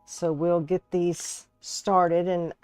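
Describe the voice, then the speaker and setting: A woman's voice: on the low side, flat delivery, very slow, a little mellow, clear, resonant tone, dry recording, faint music behind. A woman from Texas and Alabama with a Southern US accent, hosting a casual live crafting stream, chatty and often laughing as she greets viewers by name. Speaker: live-stream host and resin artist.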